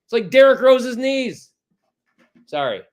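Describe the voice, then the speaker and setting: A man's voice: high voice, animated, brisk. A man co-hosting sports talk radio, ranting in a fired-up, exasperated way. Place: radio studio.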